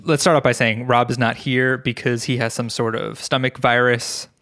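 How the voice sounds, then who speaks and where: A man's voice: mid-range voice, level tone, a bit bright. Teasing man, guest podcast co-host. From New York. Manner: joking, teasing, quick to laugh. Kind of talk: casual podcast chat.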